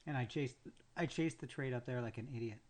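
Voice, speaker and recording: A man's voice: mid-range voice, a little fast, darkish tone. A man with the hiccups doing live trading commentary and muttering to himself, frustrated and cursing. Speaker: day trader streaming his trades.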